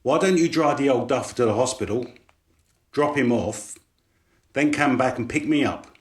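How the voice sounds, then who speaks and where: A man voicing a confident young vet who talks fast and boasts. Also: medium pitch, natural voice. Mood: scheming.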